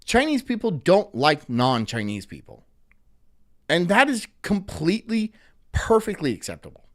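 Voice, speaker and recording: A man's voice: high voice, huge pitch swings, moderate pace. A man hosting a livestream, ranting profanely and animatedly about news clips. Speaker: livestream host.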